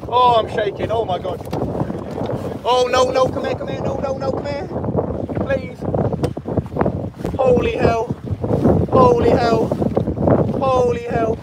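A young man fishing from a boat, talking his viewers through the catch and breaking into excited shouts. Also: extremely high pitch. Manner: talks to viewers while fighting a fish, bursts into excited shouts. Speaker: angler vlogger. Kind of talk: live fishing commentary to camera. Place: outdoors on a small boat at sea. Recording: loud wind and boat noise.

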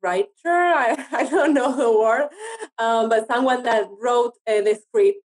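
An actress from Argentina with an Argentinian Spanish accent, speaking English as a second language in a casual interview, often pausing to search for words. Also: female voice, on the high side, rough recording. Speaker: actress guest.

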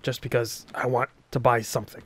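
A young man hosting a video game let's play, his voice strained and sore from use. He talks in a mid-pitched, casual way, joking around and swearing freely. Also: little pitch movement, a little fast, slightly rough, no echo. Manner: swears often, jokey. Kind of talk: casual gameplay commentary.

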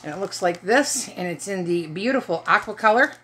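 A woman's voice: mid-range voice, animated, a little fast, bright, forceful tone, breathy edge. A middle-aged woman from Michigan, chatting casually through a shopping haul and cracking jokes to her viewers. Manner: chatty, joking asides to viewers. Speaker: haul vlogger. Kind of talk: casual haul chat to camera.

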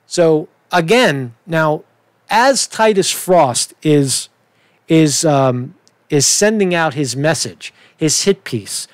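A man's voice: on the high side, lively intonation, takes it slowly, no echo. A middle-aged man with a Brooklyn accent, ranting profanely in a rambling commentary and often asking "right?". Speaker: online commentator.

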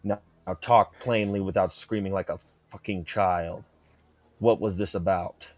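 A man's voice: low-pitched, steady tone, unhurried, lo-fi sound. Intense, swearing tabletop player man. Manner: intense, aggressive, swearing in character. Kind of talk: playing a tabletop game.

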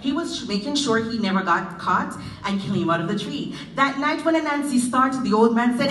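A woman from Jamaica with a Jamaican accent, telling a folktale live at an event with a lively, drawn-out delivery. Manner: lively, drawn-out telling with sudden jumps in pitch. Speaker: storyteller. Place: event hall. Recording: roomy hall, mic at a distance.

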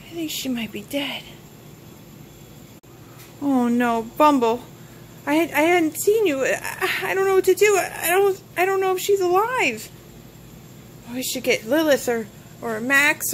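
A woman narrating and acting out a toy-play story in an expressive, worried way, with frequent gasps. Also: high-pitched, slight background noise.

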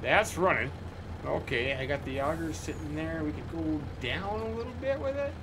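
A man's voice: fairly high pitch, expressive, normal speed, noisy background. A man chatting casually to viewers while playing a farming game, rambling and cracking jokes. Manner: rambling, joking asides to viewers. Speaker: gaming channel host.

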